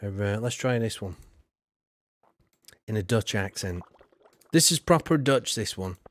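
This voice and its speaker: A man's voice: on the low side, animated, measured pace, a bit bright. A young adult man hosting a live stream, chatting casually and chuckling as he thinks aloud while picking viewer messages. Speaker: streamer reading out viewer donations.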